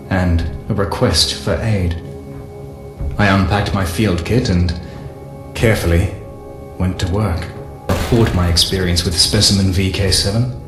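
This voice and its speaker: A man reading a first-person diary as scripted narration, measured, solemn and deliberate. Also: fairly low pitch. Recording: echoey room with faint music.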